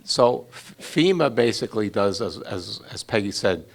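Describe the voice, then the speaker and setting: A man's voice: fairly low pitch, expressive, normal speed, vocal fry. A middle-aged man on a flood committee, leading a community meeting in an informal, conversational way and calling on residents to speak. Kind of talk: running a community Q&A.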